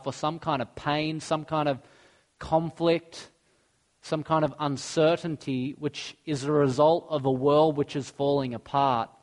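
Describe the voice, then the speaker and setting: A man, preaching a sermon earnestly and mixing in personal stories. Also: a little high. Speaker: pastor.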